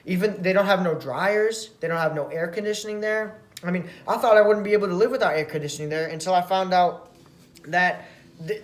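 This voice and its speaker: An American man telling a casual travel story to camera. He rambles, repeats phrases and often ends sentences with a quick "right?". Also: high-pitched, roomy sound. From United States. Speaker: vlogger.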